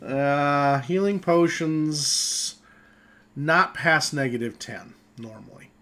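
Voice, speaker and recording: A man running a tabletop role-playing game as game master, narrating scenes and reading rules aloud in a relaxed way, chuckling often. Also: fairly high pitch.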